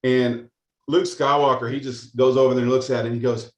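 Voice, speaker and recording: A middle-aged man with a mid-pitched voice tells a story on a video call. He talks hesitantly, with fillers and restarts, in an echoey room. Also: level tone, fairly quick, highs cut off. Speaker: call participant. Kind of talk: casual storytelling.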